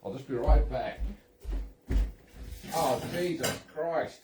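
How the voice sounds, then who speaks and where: A man's voice: medium pitch, slow, noisy background, lightly acted. A man putting on a hammy Australian accent, playing a brash, jokey male soap actor who rambles in slang. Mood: flustered. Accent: put-on Australian. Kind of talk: comic impression on a live stream.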